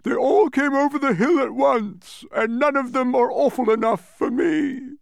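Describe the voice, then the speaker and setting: Storybook figure: a big, clumsy male brute who loves noise, voiced by a man pitched well up, loud and slow, with a strange strained tone. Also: gravelly, dry recording, full character voice. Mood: puffing. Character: huge noise-loving male giant, puffing and clumsy.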